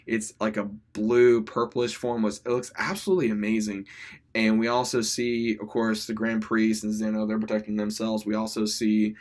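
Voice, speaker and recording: A young man casually retelling an episode as its reviewer, enthusiastic, rambling, with many restarts and constant "he says". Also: lowish voice. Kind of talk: casual recap.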